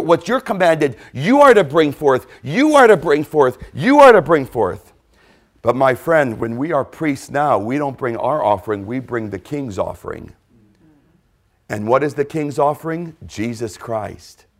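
Guy preaching, kinda high voice, repeats stuff for emphasis, goes quiet on the big points. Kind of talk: sermon.

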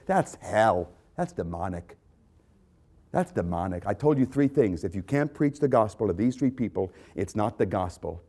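A man preaching a sermon with passion, repeating lines and swinging from loud outbursts to quiet, intense remarks. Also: fairly low pitch, animated, moderate pace. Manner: impassioned, repetitive, swings loud to soft. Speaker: pastor.

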